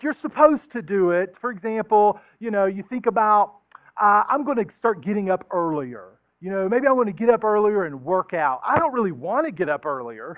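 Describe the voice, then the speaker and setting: High pitched guy preaching, jokey and chatty, sounds like a tinny phone line. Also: no echo. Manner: joking, conversational, acts out quoted voices. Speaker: pastor. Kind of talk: casual sermon.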